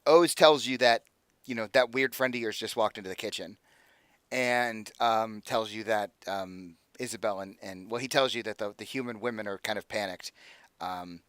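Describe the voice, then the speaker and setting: A man's voice: fairly low pitch, normal speed, fairly bright tone, clean tone, no echo. Dry-voiced man running a tabletop game. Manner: loose, hesitant narration with many ums. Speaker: game master.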